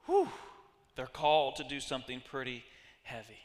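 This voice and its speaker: A man preaching a sermon as pastor, animated and acting out the voices of the people he quotes. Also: medium pitch, moderate pace. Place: church hall. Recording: echoey hall reverb.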